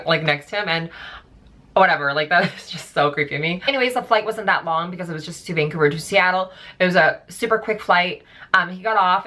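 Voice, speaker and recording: A woman's voice: on the low side, pushed and bright. A young woman telling a storytime vlog in a chatty, casual way, full of "like" and "um". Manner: chatty, filler-heavy, lots of "like". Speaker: vlogger.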